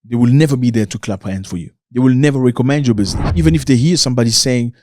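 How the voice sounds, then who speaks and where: A man giving a motivational talk to camera, emphatic, repeating lines for stress and now and then mimicking others in a mocking higher voice. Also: expressive, quick pace, few pauses, a little mellow, no echo, studio quality. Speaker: motivational speaker.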